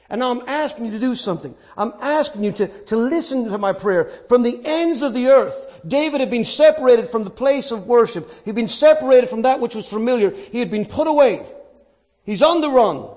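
Male pastor, middle-aged, very high voice, earnest sermon delivery that leans on key words. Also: lively intonation, a little fast, a little mellow.

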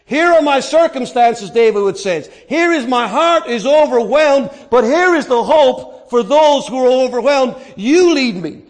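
A man's voice: extremely high pitch, lively intonation, a little slow, hardly any pauses. A middle-aged man preaching a sermon with earnest emphasis, stretching key words as he makes his point. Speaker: pastor.

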